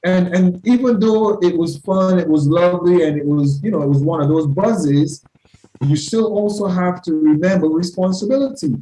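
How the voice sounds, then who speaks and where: A man's voice: high-pitched, moderate pace, mellow, roomy sound, poor audio. A man leading an evening class discussion, earnest and self-deprecating, often repeating his words. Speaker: class leader. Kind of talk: teaching discussion.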